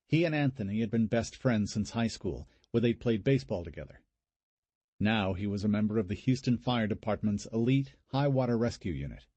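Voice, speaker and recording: Guy reading a horror audiobook, low husky voice, steady. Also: no echo. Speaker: audiobook narrator. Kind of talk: scripted narration.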